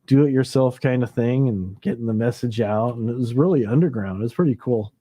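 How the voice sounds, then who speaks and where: A man's voice: mid-range voice, brisk, dark tone, no room sound. A man hosting a late-night livestream, rambling casually, laughing easily and imitating sounds as he reminisces. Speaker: livestream host. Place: home livestream setup.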